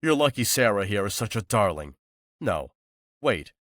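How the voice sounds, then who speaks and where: A man voicing an excitable young male werewolf who fusses dramatically over his best friend, in an audiobook. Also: fairly low pitch, normal speed, dry recording, studio quality. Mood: dramatic. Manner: dramatic, fussing, playful. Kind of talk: audiobook character voice.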